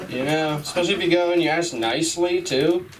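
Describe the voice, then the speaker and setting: Slow, rambling young comedian on stage. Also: male voice, fairly high pitch. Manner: rambling, giggly, trailing off with fillers. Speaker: stand-up comedian. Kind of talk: stand-up comedy set. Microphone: stage microphone. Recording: live club recording from a distance. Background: audience laughter.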